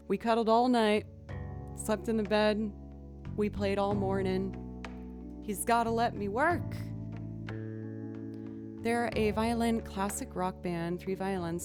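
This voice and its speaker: A young woman streaming live, chatting casually with viewers, greeting them by name and laughing often. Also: medium pitch. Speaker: streamer and musician.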